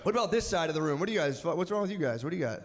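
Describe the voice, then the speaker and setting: A man's voice: fairly high pitch, expressive, rapid-fire. Brash, profane male stand-up comic. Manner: brash, profane, laughing at his own jokes. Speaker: stand-up comedian doing crowd work. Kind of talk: crude stand-up crowd work.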